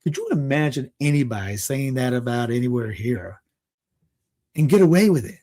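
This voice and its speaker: Warm in tone and mid-range in pitch, this man's voice carries lively intonation at a moderate speed. He hosts a relaxed political news roundup, reading out headlines, interrupting himself with sarcastic comments and little laughs, with frequent restarts and filler words.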